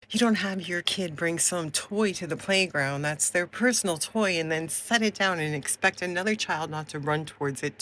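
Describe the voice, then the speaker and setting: A low-voiced woman from Minnesota rants straight to the camera, blunt and cutting, with sarcastic jabs throughout. Her tone stays confrontational. A faint hiss of background noise sits under her voice. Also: fairly bright tone. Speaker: commentator. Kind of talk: angry direct-to-camera rant.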